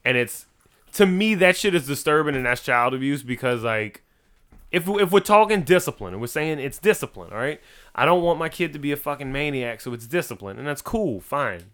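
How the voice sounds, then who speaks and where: A young man in casual podcast chat, loud and animated, swearing freely. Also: a little high, fairly quick.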